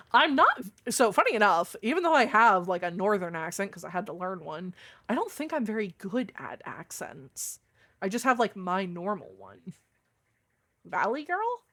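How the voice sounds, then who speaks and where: A woman's voice: mid-range voice, fairly bright tone, no room sound, clean studio sound. An American woman streamer in casual chat with her viewers, on a streaming microphone. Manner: casual, chatty, talking to chat.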